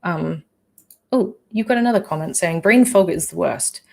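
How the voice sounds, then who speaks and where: A woman's voice: on the low side, moderate pace, vocal fry, darkish tone. English woman chatting on a livestream. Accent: English, shifted by living in the Netherlands. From England. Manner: hesitant, many fillers and restarts, apologetic. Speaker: livestream host. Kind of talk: casual livestream Q&A.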